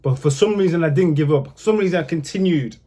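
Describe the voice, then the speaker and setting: A young man talks straight to camera in casual, unpolished storytelling. His voice sits a little high, and he swears freely. He moves from angry outbursts to low, rueful regret. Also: fast, warm tone. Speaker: vlogger telling his own story.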